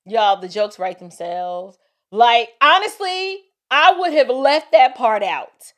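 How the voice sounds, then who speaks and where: A woman's voice: a little high, expressive, slow. A woman hosting an opinionated commentary vlog, speaking with sarcastic, mocking emphasis. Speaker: commentary host.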